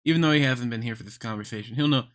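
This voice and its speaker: A young man livestreaming, rambling through a deadpan absurd bit with plenty of swearing. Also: medium pitch, very fast. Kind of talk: rambling joking stream chat.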